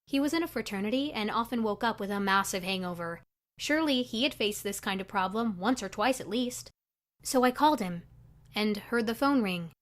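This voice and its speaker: A young woman narrating her own story in a chatty, confessional, scripted style for an animated video. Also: mid-range voice, brisk.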